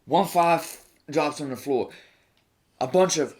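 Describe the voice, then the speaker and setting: Indignant cook ranting, slightly high voice. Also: male voice, a little slow, a little mellow. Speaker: guest, cook. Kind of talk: casual conversation.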